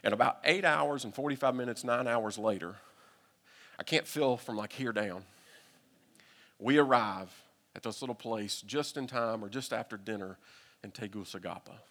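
A man with a Southern US accent, a pastor telling a humorous, animated story during a sermon. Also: medium pitch, normal speed. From United States. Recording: long reverb from a hall.

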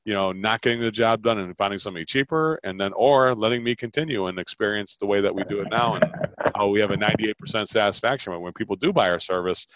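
A man coaching on a podcast, animated and quick, often acting out customer lines as he explains sales talks. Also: lowish voice, muffled recording. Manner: animated, fast-talking, acts out customer lines.

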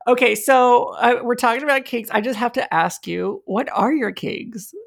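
A woman's voice: fairly high pitch, normal speed, creaky. A woman hosting a podcast, asking guests direct questions and laughing along. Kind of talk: interview questions.

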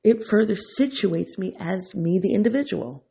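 Husky, gravelly-voiced man thinking aloud. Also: high voice, normal speed. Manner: thinking aloud, excitable, circling back on himself. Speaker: podcast host. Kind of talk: unscripted reflective monologue.

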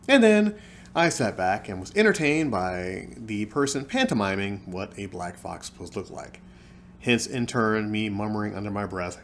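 A man's voice: lowish voice, lively intonation, moderate pace, fairly bright tone, a little hiss or hum. A man hosting his own podcast, telling a personal story in a theatrical, wry way and calling his listeners folks. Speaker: podcast host. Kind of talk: storytelling monologue.

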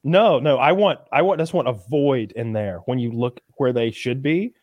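A man telling a story in casual podcast chat, swearing a lot and acting out quotes with animated energy. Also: medium pitch, normal speed, no echo.

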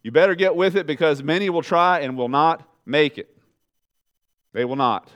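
Preacher guy giving a sermon, chatty with the congregation, goes loud then drops real low and quiet. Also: moderate pace. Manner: animated preaching, rising loud on questions and dropping low and soft for emphasis; conversational, talks straight to the congregation. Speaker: pastor.

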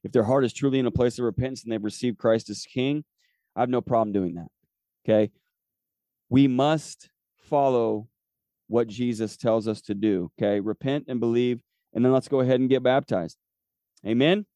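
A man teaches from the Bible for his podcast in a relaxed, conversational way. His mellow, low-toned voice keeps checking in with "okay?" as he reads scripture aloud. The close mic gives a dry sound. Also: moderate pace, no room sound. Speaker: podcast host and preacher.

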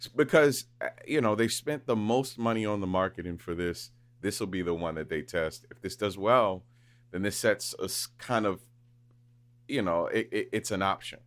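A man co-hosting a movie podcast, giving short agreements and measured opinions. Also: lowish voice. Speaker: podcast co-host. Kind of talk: casual podcast chat.

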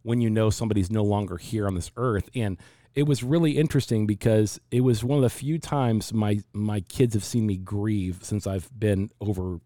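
A man in his forties talking about faith and grief in a reflective, halting way, often restarting his sentences. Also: lowish voice, fairly even intonation, dark tone, no room sound, studio quality. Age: 40s. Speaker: pastor. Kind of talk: casual faith discussion.

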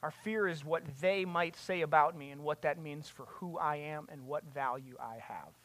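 With passion, a preacher delivers a sermon full of rhetorical questions that builds to loud, emphatic peaks. The voice is mid-range and moves at normal speed.

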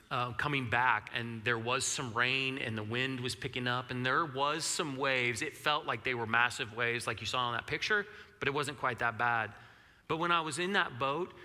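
A man preaching a sermon in a conversational, animated way, acting out the questions he quotes. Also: mid-range voice, in a large hall. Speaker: pastor.

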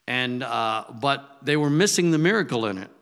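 A man's voice: mid-range voice, animated, normal speed, fairly bright tone, clear, resonant tone, big-room sound. An older man giving a casual Bible teaching, chatty, with asides and restarts. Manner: conversational, restarts and asides, acts out quotes.

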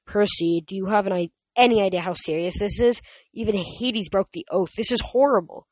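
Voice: mid-range voice, a little fast, a little mellow, no room sound, lightly acted, poor audio. A reader voicing a worried, serious teenage girl who speaks urgently. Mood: alarmed. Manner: urgent, alarmed.

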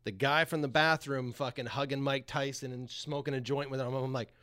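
A man's voice: medium pitch, a little fast. A man telling a wild party story as a podcast guest, swearing a lot and laughing often. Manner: profane, animated, laughs often. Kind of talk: casual storytelling.

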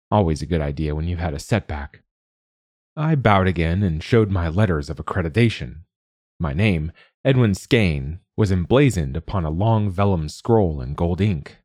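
A man's voice: low voice, darkish tone, dry recording. A man narrating a fantasy story in the first person with a dry, wry manner. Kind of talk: scripted audiobook narration.

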